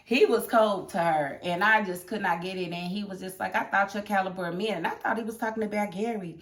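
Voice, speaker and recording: Sassy animated woman reviewing TV. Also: medium pitch, brisk, few pauses. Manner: animated, sassy, talks back at characters. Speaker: TV episode reviewer. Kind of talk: casual chat.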